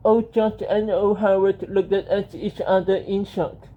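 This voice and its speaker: Slow, mellow storybook narrator. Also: medium pitch, steady tone, lo-fi sound.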